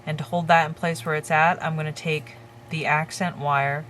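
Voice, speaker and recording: A woman hosting a crafting tutorial, calmly talking through each step while she works with her hands. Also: sits low, slight background noise. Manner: calm, unhurried, talks while working with her hands.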